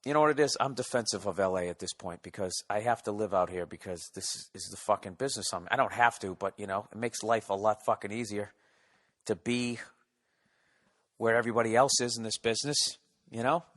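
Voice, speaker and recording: A man's voice: lowish voice, fairly quick. A man in his forties with a Boston accent, telling a rambling, profane comic story as a podcast host. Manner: profane, animated, jumps between tangents.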